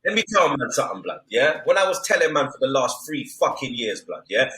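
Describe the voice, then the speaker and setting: A man's voice: medium pitch, sing-song, quick pace, background noise. A young man in heated football banter, swearing hard and tagging nearly every phrase with street slang. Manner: loud, swearing, repeats street slang tags. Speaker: football podcast co-host. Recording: echoey room.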